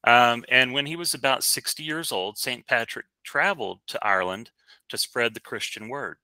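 A man's voice: medium pitch, moderate pace, pushed and bright, no echo. A man co-hosting a casual podcast, talking in a chatty, rambling way with many fillers and restarts. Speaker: podcast co-host. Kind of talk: casual podcast movie review.

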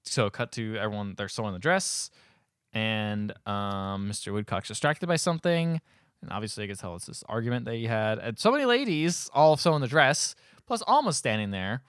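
A man's voice: on the low side, animated, moderate pace, fairly bright tone, smooth, no echo. Young male podcast host, loose rambling recap, dry close sound. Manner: rambling, acts out quoted lines, laughs often. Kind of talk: casual film recap chat.

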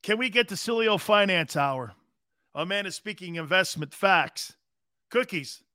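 Forceful, animated man in his fifties. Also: high-pitched, unhurried, dry recording, studio quality. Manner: animated storyteller, chuckles often. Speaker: show host. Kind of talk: casual livestream talk.

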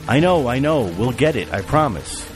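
A man's voice: medium pitch, very animated, normal speed, music in the background, voice pushed up, natural voice. A man voicing a brash young man who speaks bluntly and defensively. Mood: tense.

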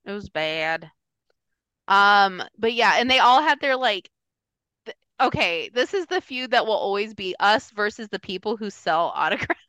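A woman's voice: medium pitch, expressive, moderate pace, bright, forceful tone, dry recording. A woman co-hosting a casual chat, talking to her listeners in a chatty way and laughing often. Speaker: podcast co-host.

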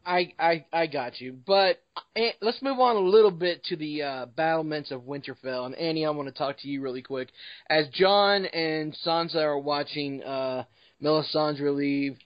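A fairly high-voiced man with a relaxed, joking manner who keeps the podcast talk moving. The recording is dry and somewhat dull. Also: normal speed, no room sound. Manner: laid-back, jokey, moderates the discussion. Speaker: podcast co-host. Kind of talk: casual TV recap chat. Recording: dull lo-fi sound, dry room.

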